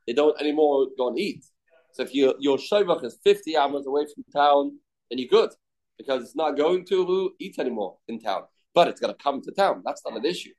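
A man teaching a Talmud class, mixing English explanation with quoted Aramaic and Hebrew text and acting out the quoted voices. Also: rough recording. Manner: acts out quoted voices with sudden pitch jumps.

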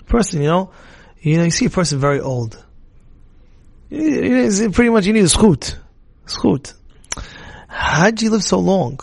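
A man, a rabbi, giving an animated Torah lesson, often acting out scolding household voices, with many restarts. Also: sits high, moderate pace, creaky, long pauses.

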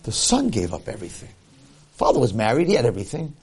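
A man's voice: mid-range voice, fast, noisy background. A rabbi telling a story during a Torah lecture, acting out the people in it and repeating his key points for emphasis. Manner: animated, acts out the people in his stories.

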